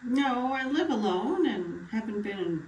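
A woman's voice: a little high, animated, a little slow, darkish tone. A woman playing a retired older male patient with a bad cough in a mock doctor-patient role-play, giving short plain answers. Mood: tired. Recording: echoey room, far from mic, faint ambience.

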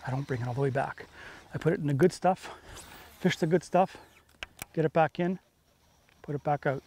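Excitable fishing host. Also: male voice, on the high side, moderate pace, slight background noise. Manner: excitable, salesy, punchy phrases. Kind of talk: on-the-water fishing commentary. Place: outdoors on a boat on a lake.

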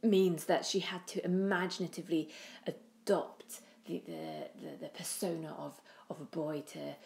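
Woman teaching a poem, lowish voice, thoughtful, restarts, trailing off softly. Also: flat delivery, moderate pace, vocal fry. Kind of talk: poetry analysis lesson.

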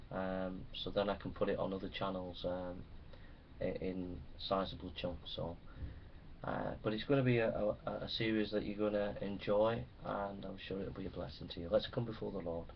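A man preaching a sermon that builds into loud, impassioned shouting. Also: fairly low pitch, steady tone, moderate pace, highs cut off, a little hiss or hum.

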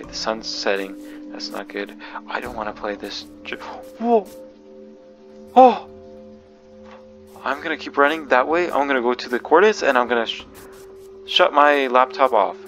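Nervous male gamer, mid-pitched, jumpy, repeats himself, faint music underneath. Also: a bit bright. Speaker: gaming video creator. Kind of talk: horror game commentary.

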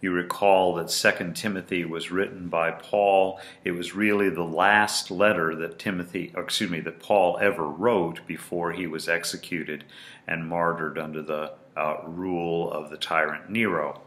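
Male pastor, sermon delivery, low voice with a bright, forceful edge, roomy sound. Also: fairly even intonation. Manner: deliberate, emphatic preaching with repeated phrases. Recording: roomy echo.

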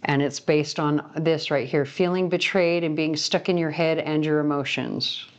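A woman reads tarot cards to her viewers in a loose, talkative way, wandering off on tangents and laughing at her own jokes. Her voice sits a little on the low side. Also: fairly even intonation, moderate pace, highs cut off. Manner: chatty and rambling, laughs often at herself. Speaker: tarot reader. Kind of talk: casual tarot reading to camera.

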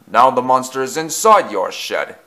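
A man voicing a big, proud male express engine who talks in an amused, gently mocking way. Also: mid-range voice, big pitch swings, normal speed. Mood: teasing. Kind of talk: storybook character voice.

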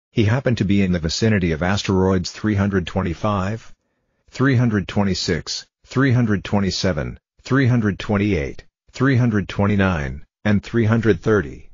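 A man reading a storybook aloud for English learners in a calm, measured way. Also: lowish voice, slightly rough, no echo. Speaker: storybook reader. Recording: dull lo-fi dry recording.

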